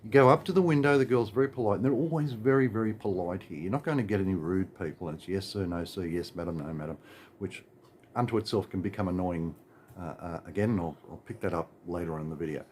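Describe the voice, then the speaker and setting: An Australian vlogger rants in a rambling, exasperated monologue packed with filler and restarts. He talks fast in a low, slightly mellow voice, with slight background noise.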